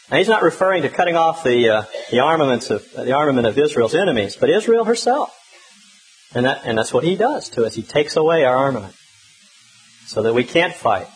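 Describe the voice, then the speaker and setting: A male pastor preaching a sermon in a conversational, humorous way with lively emphasis. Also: on the high side, brisk, low-quality recording.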